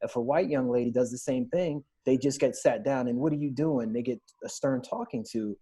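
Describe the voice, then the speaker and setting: A man's voice: medium pitch, a little fast, mellow, slightly rough. A man in his thirties on a podcast panel, earnestly recounting personal stories in a candid discussion.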